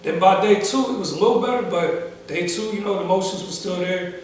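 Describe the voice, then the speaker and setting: A young man telling a personal story in a casual vlog, speaking slowly and emotionally with many pauses, restarts and casual slang. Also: high voice, a little hiss or hum. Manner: casual slang-filled speech. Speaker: vlogger. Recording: roomy echo, voice from a distance.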